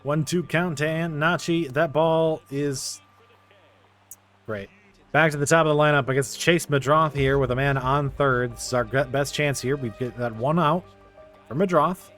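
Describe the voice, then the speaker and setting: A young man narrating his baseball video game play by play, quickly getting frustrated at the game. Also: fairly high pitch, a bit bright, faint music behind. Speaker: gaming YouTuber. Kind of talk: casual video game commentary.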